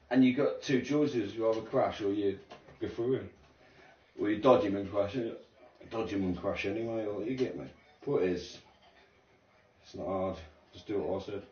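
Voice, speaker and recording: A man's voice: low-pitched, recorded from a distance. A middle-aged man, chatting casually and rambling in slang and swearing while streaming a racing game. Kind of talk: casual chat while gaming. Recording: roomy, dull home mic.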